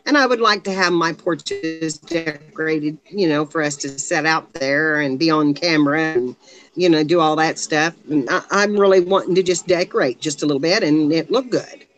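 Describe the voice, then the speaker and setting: A woman's voice: low-pitched, normal speed, poor audio. A woman in casual chat on a live video call, rambling a little and laughing often. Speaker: guest on a craft live stream.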